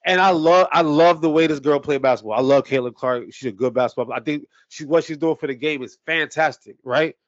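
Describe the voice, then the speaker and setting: High-voiced guy ranting about sports on a podcast, swears a lot, dry dull sound. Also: a little fast, hardly any pauses, no room sound. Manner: profane, ranting, heated. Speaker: podcast co-host. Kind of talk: casual sports talk.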